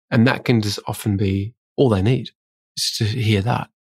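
A man's voice: fairly low pitch, steady tone, normal speed, breathy edge. A man co-hosting a podcast, telling stories in a casual, self-deprecating way. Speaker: podcast co-host. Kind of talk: casual conversation.

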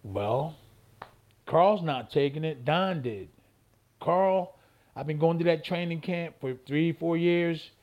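Older man, higher-pitched and animated. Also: slow pace. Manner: vivid retelling, repeats phrases, acts out old phone calls. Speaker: guest, former boxing champion. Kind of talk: animated storytelling interview.

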